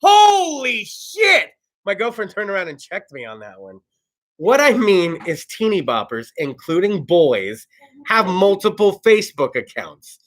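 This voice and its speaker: A man's voice: sits high, very animated, normal speed. A man in his thirties from California hosting a casual talk show, rambling and profane. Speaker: host. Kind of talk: casual monologue. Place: studio.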